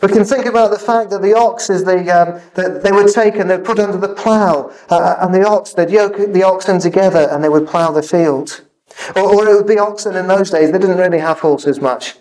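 High-voiced preacher heard from afar. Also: male voice, a little mellow, recorded from a distance, poor audio. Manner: earnest, halting with repeated fillers. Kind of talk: sermon.

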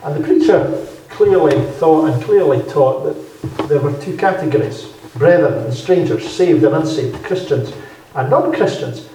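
Preacher in a very echoey hall. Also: male voice, on the high side, expressive, dark tone, slight background noise. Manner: measured, emphatic, repeating key phrases. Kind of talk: Bible teaching sermon. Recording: very echoey hall, speaker far from mic.

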